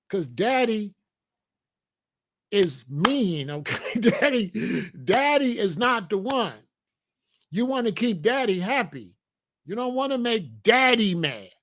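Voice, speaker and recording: A man's voice: high-pitched, fairly bright tone. A man hosting his own channel, giving emphatic, repetitive advice about family and discipline in a casual monologue. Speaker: host.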